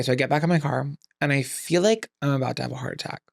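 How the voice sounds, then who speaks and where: A young man co-hosting a podcast, telling stories with animated, self-mocking drama. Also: mid-range voice, very fast, creaky, hardly any pauses, no room sound, clean studio sound. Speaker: podcast co-host. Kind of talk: casual storytelling chat.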